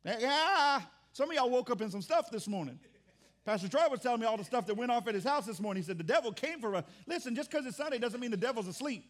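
Pastor, high-pitched male voice, chatty sermon delivery, mocks whiny churchgoers. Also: animated, fast talker. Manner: conversational preaching with repeated restarts; acts out churchgoers' complaints in mock voices.

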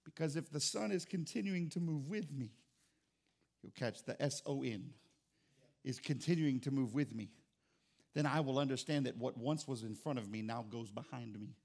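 A middle-aged man preaching a sermon as pastor, with dynamic delivery that swings from quiet to loud. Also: mid-range voice, moderate pace, gravelly.

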